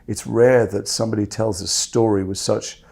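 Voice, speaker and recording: A man telling candid stories about his acting work in a fast, animated, self-interrupting way. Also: lowish voice, creaky, breathy edge. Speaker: actor guest. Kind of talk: candid conversational storytelling.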